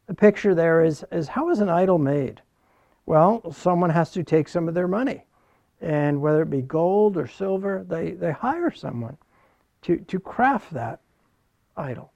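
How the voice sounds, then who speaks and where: A man's voice: on the high side, lively intonation, unhurried, vocal fry, warm tone, no echo, muffled recording. A man preaching a sermon, explaining a scripture passage and reading verses aloud in an earnest teaching manner. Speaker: pastor.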